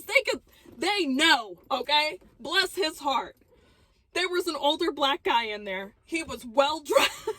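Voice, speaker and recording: A woman with children recounts a personal story in a casual vlog. Her voice sits a little high and carries a husky edge. She talks animatedly, jumping to loud exclamations and then dropping to near-whispered asides. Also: rough recording. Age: adult with children. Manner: animated, bursts into loud laughing exclamations and drops to hushed asides. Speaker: vlogger.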